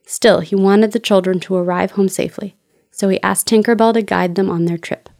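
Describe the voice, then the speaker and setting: Gravelly-voiced woman reading a children's story. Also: mid-range voice, fairly even intonation, a little fast, darkish tone, no echo, clean studio sound. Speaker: storybook narrator. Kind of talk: scripted children's story narration.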